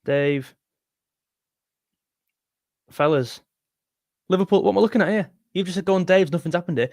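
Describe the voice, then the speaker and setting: A young man hosting a casual fan live stream, excitable and jumpy, talking straight to his chat. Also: sits high, moderate pace, vocal fry, long pauses, dry recording, clean studio sound. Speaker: football fan channel host.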